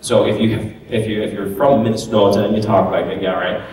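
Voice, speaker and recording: A man with a lowish voice answers questions from a convention panel stage, picked up from a distance in a very echoey hall with a faint hiss behind him. He talks loosely, stopping and restarting as he thinks. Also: steady tone, a little mellow. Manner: loose, halting, with restarts and fillers.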